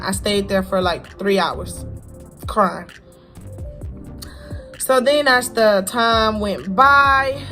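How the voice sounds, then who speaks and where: A young vlogger speaks at an ordinary mid pitch, telling a personal story to camera. She talks in a halting, heartfelt way, repeats herself and uses casual slang. Soft music plays faintly underneath. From Florida.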